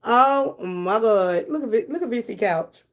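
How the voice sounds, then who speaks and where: Brief: woman live-stream host, blunt and gossipy, swears freely, laughs a lot, a bit high-voiced, unhurried delivery. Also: animated. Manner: talks directly to her viewers. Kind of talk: casual live-stream commentary.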